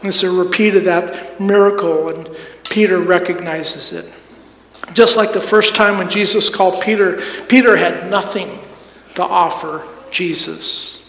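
A man's voice: high-pitched, steady tone, measured pace, fairly bright tone, a little hiss or hum. A man preaching a sermon as pastor, earnest and building to emphatic repeated lines, recorded in a church sanctuary. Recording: echoey hall with long reverb.

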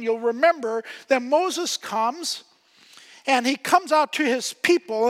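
A man preaching a sermon as pastor, retelling a story with frequent restarts before drawing out his point. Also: extremely high pitch. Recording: long reverb of a hall.

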